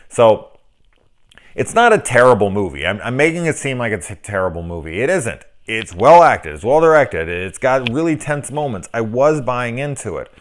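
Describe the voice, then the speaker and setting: A middle-aged man talks through a film review in a loose, unscripted way. His voice sits very low, and he swears freely as he rants and mimics his own reactions. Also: expressive, brisk. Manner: profane, ranting, acts out quoted reactions. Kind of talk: casual spoken film review.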